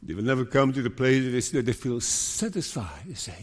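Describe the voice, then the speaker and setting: A man preaching a sermon in a slow, earnest way, sometimes voicing the worries of troubled believers. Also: mid-range voice, big pitch swings. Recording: long reverb of a hall.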